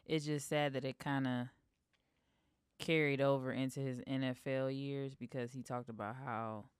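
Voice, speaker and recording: A woman co-hosting a sports podcast, chatty and quick to laugh, tossing in reactive asides. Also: a bass voice, steady tone, clean tone, no room sound, studio quality. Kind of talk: casual sports chat.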